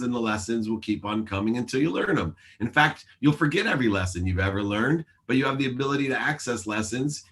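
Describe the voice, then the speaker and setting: A man's voice: medium pitch, a bit bright. A man in his forties, a show host, telling his life story in an interview with earnest, emphatic delivery and acted-out dialogue.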